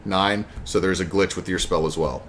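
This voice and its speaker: A man running a tabletop game as game master, telling the scene in an animated way with spoken sound effects. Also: deep voice, moderate pace, background noise.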